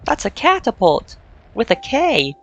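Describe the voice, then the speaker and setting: A woman streamer chatting casually while playing a game, excitable and swearing freely. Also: a little high, a little slow, muffled recording. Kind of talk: casual gameplay chat. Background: faint game music.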